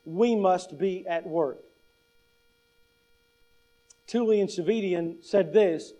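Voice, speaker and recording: Male pastor, high-pitched voice, conversational sermon, rhetorical questions, humorous stories. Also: slow pace, long pauses, warm tone, low-quality recording. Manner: conversational, asks the congregation questions; humorous everyday anecdotes.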